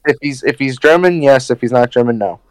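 A man's voice: mid-range voice, a little fast, a little mellow, no room sound. A man co-hosting a casual chat, laid-back and rambling. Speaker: podcast co-host.

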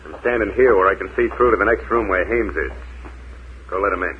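A man's voice: on the low side, fast talker, noisy background, lightly acted. An actor playing a cocky, ruthless male gangster in a 1940s radio play, taunting in clipped slang. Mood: sardonic. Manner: taunting, clipped slang with repeated "see?" and "baby". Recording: tinny old radio broadcast.

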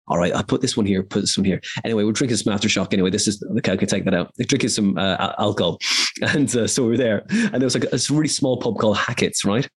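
An Irish man in his forties, a voice actor, speaks in a fairly low voice with a breathy edge during a casual interview. He tells long, rambling anecdotes that come out in quick bursts.

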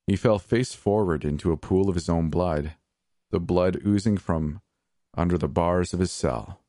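Man, very low voice, dark story narration, dry close sound. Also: moderate pace, no room sound. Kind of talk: dark first-person fiction narration.

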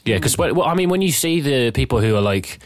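A man's voice: medium pitch, lively intonation, fast, no room sound, clean studio sound. A man co-hosting a podcast, talking hesitantly in casual chat with stumbling restarts. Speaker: podcast co-host.

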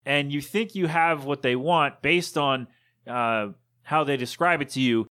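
A man's voice: fairly high pitch, measured pace, sharp tone. A man hosting his own podcast, telling a story in a casual, rambling, digressive monologue. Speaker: podcast host.

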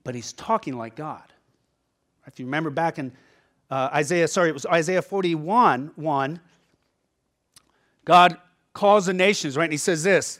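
A man's voice: fairly high pitch, unhurried, pauses often, fairly bright tone. A man preaching a sermon as pastor, conversational and emphatic, often checking in with the listeners.

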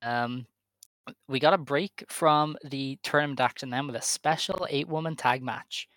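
A man's voice: mid-range voice, a little slow, a bit bright, dry recording. A man co-hosting a wrestling podcast, recapping matches in casual chat, easygoing and hesitant with many fillers. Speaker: podcast co-host.

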